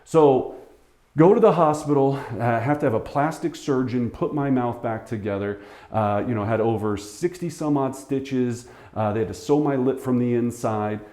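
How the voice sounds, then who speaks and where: A man's voice: mid-range voice, normal speed. A middle-aged man, a real estate coach, telling a story to camera and acting out the people in it. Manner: animated, acts out the voices in his story. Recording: echoey room.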